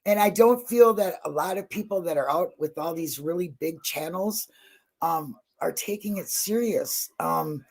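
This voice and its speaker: A woman's voice: lowish voice, animated, moderate pace, darkish tone. A woman talking in a casual livestream chat about true crime, emotional and effusive, blunt and not shy about swearing. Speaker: true crime channel guest.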